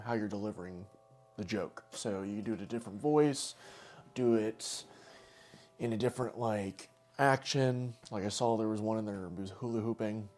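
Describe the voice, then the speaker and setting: Casual male host, mellow tone, laughs and teases a lot, faint music under. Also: lowish voice. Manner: laughs often, teasing. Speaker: podcast host. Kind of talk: casual chat, game hosting.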